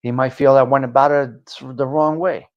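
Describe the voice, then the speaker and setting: A New man holds forth on his live-stream talk show in a blunt, salty monologue. He drifts between low, muttered asides and sudden loud bursts. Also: fairly even intonation, normal speed, highs cut off. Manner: blunt, profane, ranting, swings from low muttering to loud outbursts. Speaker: livestream talk show host.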